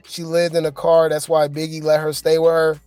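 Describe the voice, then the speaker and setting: High-voiced chatty male gossip host. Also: monotone, normal speed, a little mellow, clear, resonant tone, faint music behind. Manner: chatty, rambling, fillers. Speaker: commentary host. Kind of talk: casual gossip commentary.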